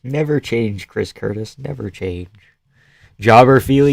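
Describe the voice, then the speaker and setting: Young male streamer, relaxed and chatty, mid-range voice, dry close recording. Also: medium pitch, unhurried, creaky, dry recording. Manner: laid-back, laughs often, swears casually, reads chat aloud. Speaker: live-stream host. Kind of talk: casual live-stream chat.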